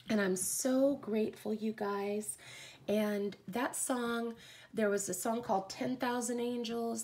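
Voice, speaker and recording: A woman giving a heartfelt, rambling live oracle card reading. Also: mid-range voice.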